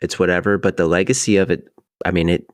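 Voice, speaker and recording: Deep-voiced laid-back man co-host. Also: little pitch movement, quick pace, no echo, studio quality. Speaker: podcast co-host. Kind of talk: casual chat.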